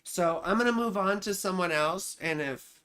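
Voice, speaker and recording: A man hosting a casual live stream of astrology chart readings, speaking in a soft, consoling way to viewers, calling them baby and sweetheart and swearing now and then. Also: sits high, normal speed, clear, resonant tone. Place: home, with a cat nearby.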